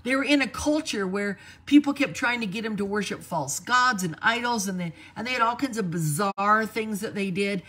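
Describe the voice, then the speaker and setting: A woman preaching a sermon in a lively way, acting out quoted voices. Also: mid-range voice, moderate pace, hardly any pauses, slightly rough. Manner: animated, acts out quoted voices.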